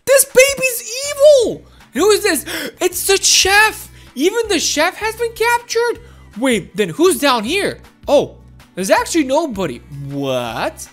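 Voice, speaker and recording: A woman commentating her own gameplay, excitable and giggly, often talking to viewers. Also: very high-pitched, slow, faint music behind. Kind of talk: playful game commentary.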